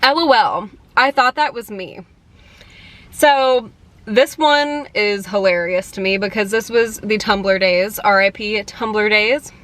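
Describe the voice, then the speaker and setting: A woman's voice: medium pitch, slow, a bit bright. A young woman chatting casually in a fan vlog, giggly and full of "like" and "um". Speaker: vlogger.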